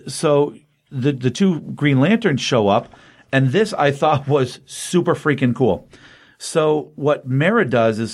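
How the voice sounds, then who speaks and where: A man co-hosting a casual podcast, retelling a comic book story with enthusiasm, lots of fillers and loose paraphrased quotes. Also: medium pitch. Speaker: podcast co-host recapping comics.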